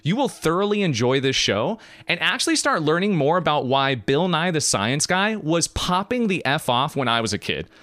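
A man hosting a podcast, talking in an excited, emphatic rant that swings between high and low. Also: normal speed, hardly any pauses, no room sound. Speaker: podcast host. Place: California.

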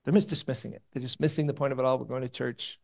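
A man preaches to his church in a relaxed, conversational way, with a mid-range voice. He rambles a bit, then rises suddenly and emphatically when he wants a point to land. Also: mid-range voice, very fast, creaky. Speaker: pastor. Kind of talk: conversational sermon. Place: church meeting room.

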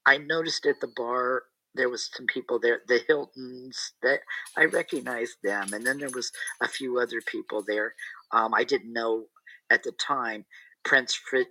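A man's voice: mid-range voice, steady tone, a little slow, pushed and bright, low-quality recording. A middle-aged man, an entertainer, telling a rambling story in a casual interview with many restarts and asides.

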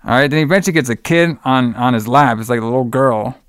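A man's voice: medium pitch, quick pace, a bit bright, dry recording, clean studio sound. A man in casual chat, retelling a movie plot in a loose, profane, rambling way and laughing often. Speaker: podcast co-host recapping a movie.

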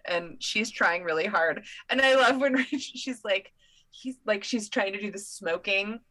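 Bright-voiced chatty young woman. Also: mid-range voice, normal speed, poor audio. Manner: chatty, animated storytelling with laughs. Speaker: podcast co-host. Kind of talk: casual chat.

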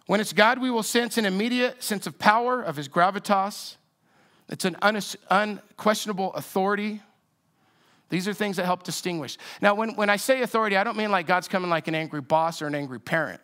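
A man's voice: sits high, a little fast, bright, forceful tone. A man preaching a sermon in a conversational, reflective way with frequent restarts. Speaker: pastor.

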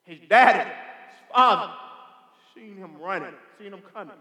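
A man's voice: high-pitched, animated, unhurried, bright, forceful tone. A man preaching a sermon in a church sanctuary, fervent and emphatic, calling out hallelujah and amen. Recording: reverberant church hall.

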